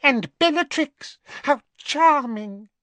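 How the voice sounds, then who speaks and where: A squeaky, wheedling little servant, his voice jumping way up high and whining, a sniveling storybook creep with a timbre nothing like a normal man's. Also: lively intonation, slow pace, sharp tone, dry recording, full character voice. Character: squeaky, cringing, servile little man.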